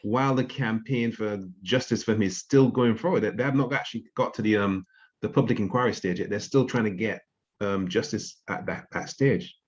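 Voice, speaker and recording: A man's voice: fairly low pitch, a little fast. A man hosting a talk, asking polite and somewhat hesitant questions. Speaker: host. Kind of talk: interview questions. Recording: slightly dull lo-fi sound.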